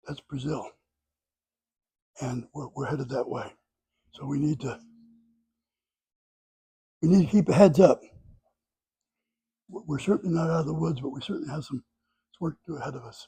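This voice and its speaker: A man's voice: a little high, normal speed, vocal fry, pauses often, mellow, breathy edge, no echo, rough recording. An older man giving a plain-spoken classroom lecture, talking in short phrases with restarts. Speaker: class teacher.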